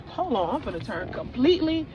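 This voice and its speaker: Animated, swearing woman vlogger. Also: high-pitched, fairly quick. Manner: animated, profane, swears freely. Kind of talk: casual storytime rant. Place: indoors, filming herself. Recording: slightly dull lo-fi audio with clear background noise.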